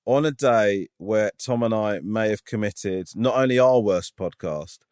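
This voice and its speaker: A man's voice: lowish voice, a little slow, darkish tone, smooth, no room sound, studio quality. A man co-hosting a podcast, chatting in a self-deprecating way with laughter. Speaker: podcast co-host. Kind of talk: casual chat.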